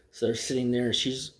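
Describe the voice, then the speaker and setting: A man's voice: mid-range voice, a bit bright. A man telling jokes in a folksy, rambling way, with fillers. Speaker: joke teller. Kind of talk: casual joke telling.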